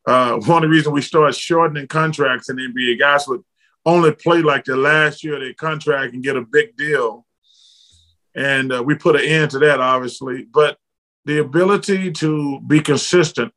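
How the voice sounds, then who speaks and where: A middle-aged man from Alabama, a former basketball player telling blunt, lively stories as a guest in an interview. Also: a little high, moderate pace, low-quality recording. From Alabama, United States. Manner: lively, blunt storyteller, casual slang. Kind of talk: candid storytelling in an interview.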